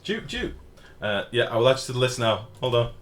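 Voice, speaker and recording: A man's voice: mid-range voice, big pitch swings, fairly quick, fairly bright tone. A man chatting casually as he streams a game, answering viewers and swearing now and then. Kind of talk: casual live-stream commentary. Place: home room with the window open. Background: faint outdoor street noise.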